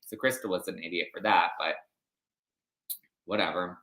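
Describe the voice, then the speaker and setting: A man's voice: low voice, steady tone, normal speed, long pauses, fairly bright tone, roomy sound, low-quality recording. A man hosting a reality TV recap, telling the story in a chatty, catty way with plenty of swearing. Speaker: host.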